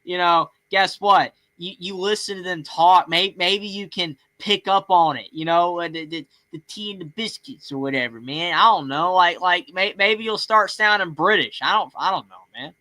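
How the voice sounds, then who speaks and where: A Southern man with a bright, sharp voice chats loosely as a call-in show host, rambling through fillers and restarts. His voice sits a bit high for a man and sounds close and dry. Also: normal speed, few pauses, no echo. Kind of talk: casual chat.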